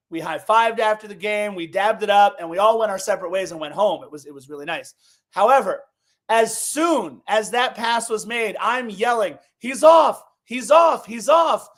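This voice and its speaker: A man co-hosting a casual sports podcast, telling stories in an animated, emphatic way. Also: sits high. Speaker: podcast co-host.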